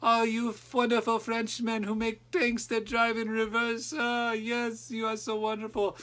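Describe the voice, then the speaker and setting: A man's voice: very high-pitched, monotone, unhurried, bright, forceful tone, voice pushed up, full character voice. A man doing a mocking impression of a woman politician putting on an exaggerated, sing-song fake French accent.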